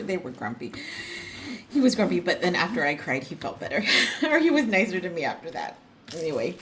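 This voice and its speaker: A woman's voice: medium pitch, a little hiss or hum. A middle-aged woman hosting a crafting vlog, chatting casually at home in a rambling, storytelling way full of fillers and light laughs. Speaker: crafting vlogger. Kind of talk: casual chat while crafting.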